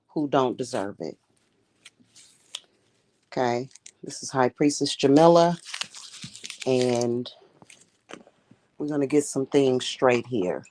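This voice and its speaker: Slow, emphatic woman speaking bluntly. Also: extremely low pitch, expressive, low-quality recording. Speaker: high priestess and spiritual reader. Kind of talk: casual livestream monologue. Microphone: streaming setup.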